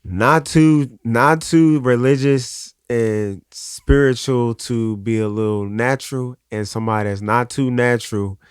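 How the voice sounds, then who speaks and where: A man's voice: medium pitch, fairly even intonation, smooth, no room sound, studio quality. A man speaking as a podcast guest in a candid, earnest way, often restarting his sentences. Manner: earnest, open, halting restarts. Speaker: guest artist. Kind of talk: candid conversational interview.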